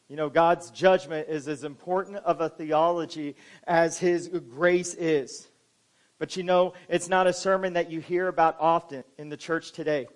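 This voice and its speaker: A man preaching as pastor in a church, moving between soft, low passages and loud, emphatic ones. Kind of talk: sermon.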